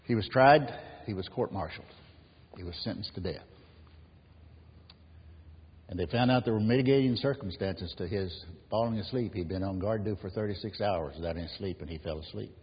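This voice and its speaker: A man preaching a sermon and telling stories, unhurried, letting his phrases drop to a hushed close. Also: sits low, husky. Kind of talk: sermon with storytelling. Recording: echoey hall, dull lo-fi sound, faint hiss.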